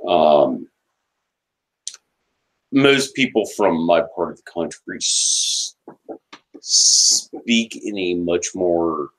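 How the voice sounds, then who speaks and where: A man with a very deep voice hosts a casual podcast chat. His pitch moves a lot, and he pronounces every word carefully, often stopping to restart a sentence. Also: animated, drawn-out words, pauses often, fairly bright tone, low-quality recording. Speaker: podcast host.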